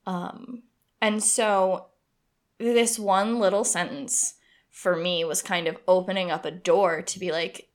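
A woman co-hosting a podcast, chatting casually about a book she loves, with lots of restarts. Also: lowish voice. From United States. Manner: chatty, animated, with frequent restarts. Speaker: podcast co-host.

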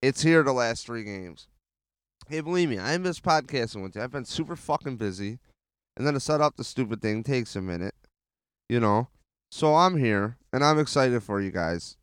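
A man hosting a casual sports podcast, swearing often and rambling excitedly with restarts, speaking into a handheld mic. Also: medium pitch, moderate pace, clear, resonant tone, dry recording, studio quality. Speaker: podcast host.

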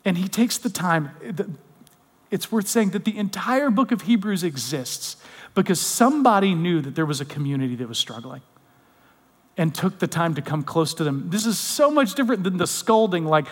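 A man preaching a conversational sermon, often dropping to soft, intimate tones. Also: on the high side, animated, fairly quick, in a large hall. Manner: conversational, drops to soft intimate tones when quoting comfort. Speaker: pastor.

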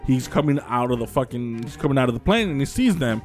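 A man co-hosting a casual podcast, retelling a story with lively acted-out quotes and plenty of swearing. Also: mid-range voice, quick pace, soft background music. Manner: animated storyteller acting out quoted voices, swears freely. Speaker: podcast co-host.

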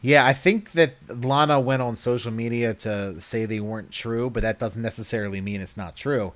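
A man on a casual podcast, rambling and filling pauses with ums and uhs. His voice sits at an ordinary middle pitch. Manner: rambling, with many fillers. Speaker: podcast co-host. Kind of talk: casual chat.

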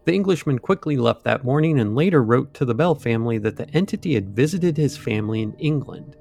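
A man's voice: mid-range voice, lively intonation, fairly quick, vocal fry, darkish tone. A man co-hosting a podcast, retelling a ghost story in a loose, rambling way with asides and fillers. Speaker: podcast co-host.

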